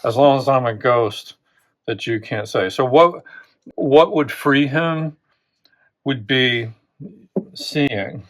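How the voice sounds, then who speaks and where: Slow, musing man explaining a song. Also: medium pitch. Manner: thinking aloud, many restarts and rhetorical questions. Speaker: literature teacher and channel host. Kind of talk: unscripted close reading lecture.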